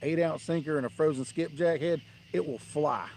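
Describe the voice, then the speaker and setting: A man's voice: a little high, normal speed, vocal fry, darkish tone, slight background noise. A man hosting a fishing livestream, telling rambling, blunt stories in a dismissive tone from a riverbank at night. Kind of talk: casual live-stream rant.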